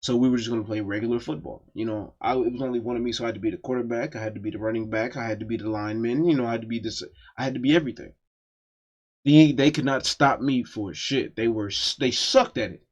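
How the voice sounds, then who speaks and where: A man's voice: medium pitch, fairly even intonation, fast talker, dull audio. A man telling a personal story in a casual, profane and emphatic storytime monologue.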